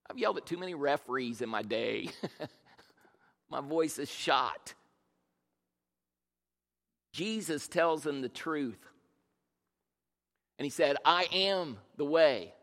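Male pastor, playful storyteller, high bright voice, reverberant sanctuary. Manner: jokey, animated, self-deprecating storytelling. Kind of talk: humorous sermon. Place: church. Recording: long reverb of a large church hall.

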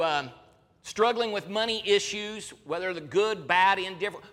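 Emphatic pastor in an echoing hall. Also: male voice, high voice, a bit bright. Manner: emphatic preaching, repeating words for weight. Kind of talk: sermon.

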